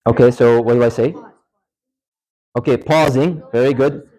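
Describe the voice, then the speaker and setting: A man's voice: mid-range voice, steady tone, moderate pace, dark tone, poor audio. A male religious teacher giving an informal class lecture in a mosque, quizzing students and dropping in short Arabic phrases and recitations. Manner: informal, asks the class questions, repeats points. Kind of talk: classroom lecture with live demonstration. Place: mosque hall.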